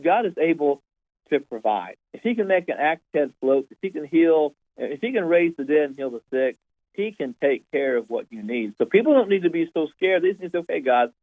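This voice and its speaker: A man, a pastor, telling an animated story in casual conversation, often repeating his words. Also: fairly high pitch, a little fast, no room sound. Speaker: pastor, guest. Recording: tinny phone-like line, dry.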